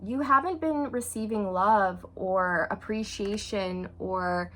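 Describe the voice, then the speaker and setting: Speaking slowly against slight background noise, a woman channels a tarot reading for viewers. She's talkative and animated, dramatizing quoted feelings with large swings and turning quiet and low when things get emotional.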